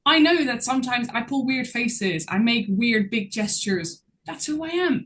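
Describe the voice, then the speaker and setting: A woman guest talking as a public speaking coach in a casual interview, expressive and laughing often as she speaks. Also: on the high side, normal speed, hardly any pauses, a little hiss or hum.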